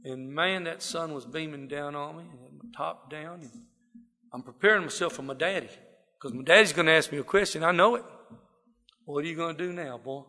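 Speaking fairly quickly in a fairly high, bright, forceful voice, a South Texas man with a Southern drawl tells his life story as a personal testimony. His folksy, filler-heavy rambling carries a long reverb tail in a wooden building before a gathered audience.

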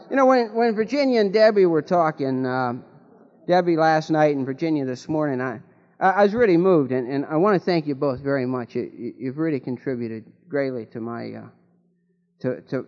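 A man's voice: mid-range voice, darkish tone. A man telling jokes and stories at a recovery meeting, rambling, with many restarts, in a folksy way. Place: meeting hall with an audience. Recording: dull long-reverb hall recording.

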